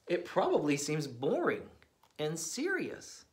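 A man's voice: fairly high pitch, huge pitch swings, slow pace. A man hosting a read-aloud of a children's book, playful and mock-exasperated at the silly words. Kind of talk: animated read-aloud for kids.

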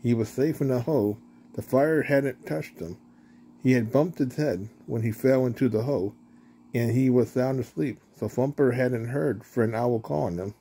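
A man reading a children's story aloud, unhurried, with small slips and restarts. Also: medium pitch, warm tone, a little hiss or hum. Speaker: storybook reader.

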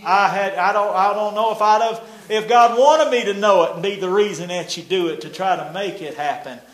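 A man's voice: sits high, brisk, a bit bright. Older man, folksy sermon testimony, echoey room. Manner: folksy storytelling with laughs and nonstandard grammar. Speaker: preacher.

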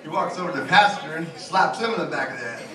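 A man's voice: a little high, expressive, very fast, reverberant, far from the mic. A man doing a stand-up comedy set, telling crude jokes in a loose, rambling way with lots of fillers, laughing along at his own punchlines. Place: small comedy club stage. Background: crowd laughing and cheering.

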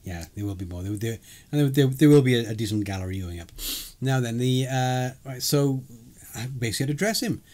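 A man's voice: mid-range voice, animated, a little fast, darkish tone. A man co-hosting a podcast, recapping a live role-play event in casual chat, rambling and chuckling with many fillers. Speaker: podcast co-host.

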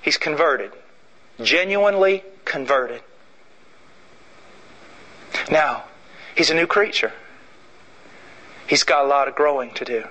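A male preacher delivers a sermon with a high, bright, forceful voice. He hammers his points through repetition and acts out little stories. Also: lively intonation, slow pace, long pauses, poor audio. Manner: emphatic and repetitive, acting out stories.

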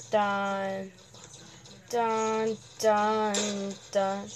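A woman giving casual gameplay commentary, excitable, humming suspense sounds and talking to the characters on screen. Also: a little high, slow. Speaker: gamer host.

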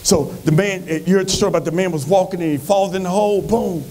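A man giving an energetic motivational speech on a conference stage, telling stories with animated delivery. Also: sits high, fast. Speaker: motivational speaker.

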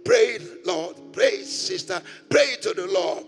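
A male pastor leading a congregation in prayer with a fervent sermon, swinging from loud pleading to hushed murmurs. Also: sits high, animated, slow pace, vocal fry, faint music behind.

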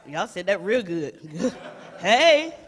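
A woman giving an animated sermon testimony as a guest speaker, calling out and exclaiming. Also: medium pitch, very slow, in a large hall.

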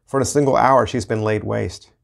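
A male pastor leading an online Bible study, reading scripture slowly and then explaining it in a conversational way, often repeating his words. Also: on the low side, steady tone, creaky.

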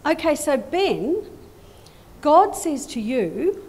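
A middle-aged woman giving a children's talk in a church service, animated and full of questions to the children. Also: high voice, unhurried.

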